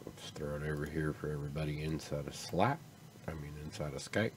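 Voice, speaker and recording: A man's voice: very deep voice, fairly quick, slight background noise. A man hosting a livestream, chatting casually in a rambling, laid-back way that often trails off. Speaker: stream host.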